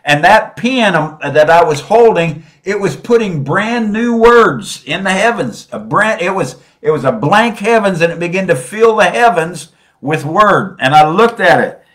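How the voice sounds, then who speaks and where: A man with a fairly high voice preaches a sermon. He drops almost to a murmur, then swells loud again, and he draws out key phrases slowly to drive them home. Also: animated. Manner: preaching with sudden swings between soft and loud.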